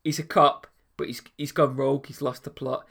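A man chatting casually and telling stories with gusto. He talks in a middle pitch and acts out the voices of the people he describes. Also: normal speed, husky. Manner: animated storyteller, acts out voices in anecdotes. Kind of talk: casual chat, storytelling.

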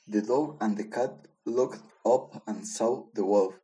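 A man's voice: lowish voice, fairly even intonation, takes it slowly, mellow, low-quality recording. A man reading a simple-English story aloud, plain and careful, with small slips.

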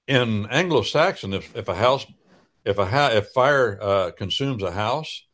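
A man hosting a radio talk show, explaining in a folksy, preacherly way with drawn-out pauses. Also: fairly low pitch, expressive, a bit bright. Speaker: radio host.

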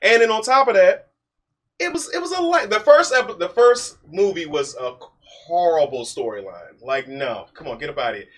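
Animated, ranting man, high lively voice. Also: moderate pace, far from the mic. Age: adult. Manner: animated, ranting, swears freely. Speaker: podcast co-host. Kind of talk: casual chat.

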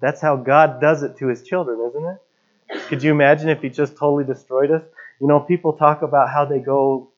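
A pastor in his thirties preaches with a fairly high, steady voice at a slightly fast pace. He talks conversationally, tells stories, and uses casual fillers, in a dull lo-fi recording.

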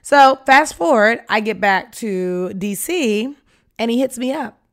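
A woman telling a dating story in a casual, animated way, swearing freely and acting out both sides of the talk. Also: fairly high pitch, unhurried. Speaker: podcast storyteller.

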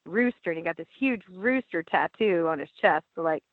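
A woman's voice: lowish voice, animated, moderate pace, dry recording. A woman who writes a band's lyrics, talking casually in an interview, blunt and swearing freely, with lots of fillers. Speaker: band lyricist and singer. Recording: tinny phone-like line, dry.

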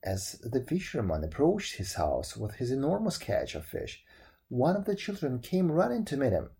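A man reading a folk tale aloud, his pitch rising and falling with lively expression. His voice has a dark, mellow tone. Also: normal speed, creaky, slightly rough. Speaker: storyteller.

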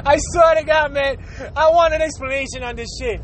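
High bright voiced guy ranting on his podcast, swearing a lot, laughing. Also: a little fast, a faint crowd, a little hiss or hum, low-quality recording. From United States. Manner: profane, animated, laughing often. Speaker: podcast host. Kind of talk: casual comedic rant.

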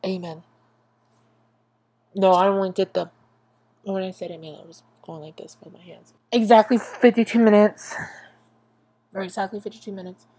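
A woman's voice: medium pitch, fairly even intonation, moderate pace, pauses often, warm tone, breathy edge. A young woman hosting a podcast, talking in a rambling, self-interrupting way that often stops and restarts, swearing freely, her voice tired and strained. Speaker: podcast host. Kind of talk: casual monologue about TV.

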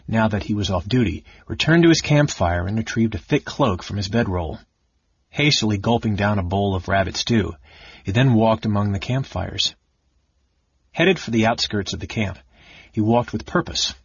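A man narrating an audiobook in a measured storytelling manner. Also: fairly low pitch, husky, dry recording. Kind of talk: scripted narration. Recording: dull lo-fi recording.

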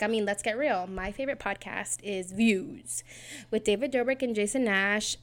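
A chatty woman in her twenties hosts her own podcast from a small home setup. She rambles, jokes at her own expense and talks quickly. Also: fairly high pitch. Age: 20s. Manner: chatty, rambling, self-deprecating, fast-talking. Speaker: podcast host. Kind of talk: casual solo podcast chat.

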